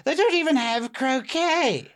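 A man voicing a snobbish upper-class English gentleman at a cookout, haughty and disdainful. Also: very high-pitched, unhurried, slight background noise, pitched above the performer's own voice. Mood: prim.

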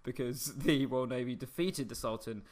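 A man's voice: medium pitch, moderate pace, a crowd in the background. A man co-hosting a casual news podcast, laughing and swearing with sardonic humour. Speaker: podcast co-host.

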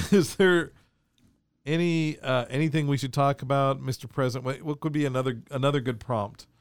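A man's voice: mid-range voice, steady tone, normal speed, smooth, no room sound, clean studio sound. A male co-host in improvised comedy banter, playful and argumentative, laughing often.

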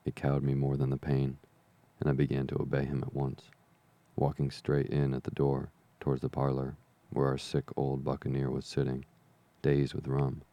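A man reading an adventure novel aloud as an audiobook narrator, in measured, even storytelling. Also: extremely low pitch, no echo, lo-fi sound. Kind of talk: scripted narration.

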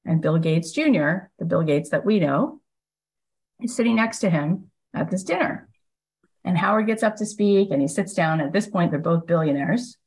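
Low-voiced woman telling a lively story. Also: moderate pace, husky, poor audio. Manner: lively storyteller who acts out quoted speakers; casual, with frequent "like" and "he goes". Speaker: podcast host. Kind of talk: storytelling monologue.

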